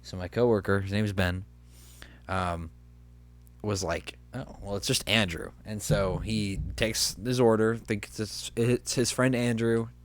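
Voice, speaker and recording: Unhurried and on the low side, a young man's voice carries a casual podcast chat he co-hosts. He tells an animated story about work and acts out what each person said.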